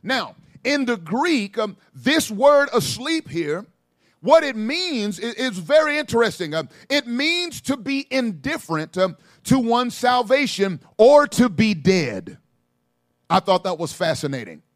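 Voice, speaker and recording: A male pastor delivers a sermon in a strikingly high voice. The sound is dry and close, with no room around it. He drops to low murmurs and rises to loud calls, with plenty of ums between thoughts. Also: big pitch swings, unhurried, no echo.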